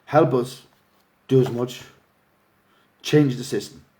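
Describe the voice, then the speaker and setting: A man's voice: medium pitch, fairly even intonation, slow pace, warm tone, a little hiss or hum. A middle-aged Irish man, a father and activist, making an earnest, emotional appeal on a livestream. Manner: earnest, pleading, gets emotional. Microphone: phone or laptop livestream.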